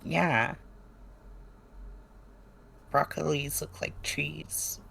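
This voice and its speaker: Gravelly-voiced player bantering in character. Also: mid-range voice, fairly even intonation, bright, forceful tone, a little hiss or hum. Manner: blunt, playful and quick to banter. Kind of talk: in-character tabletop play.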